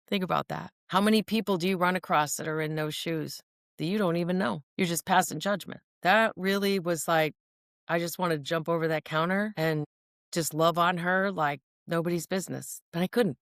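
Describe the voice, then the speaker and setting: A woman's voice: fairly low pitch, normal speed, fairly bright tone, no room sound, clean studio sound. Earnest woman telling personal stories. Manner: earnest, emphatic, checks in with "all right?" and "right?". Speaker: mental health speaker. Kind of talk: personal storytelling monologue.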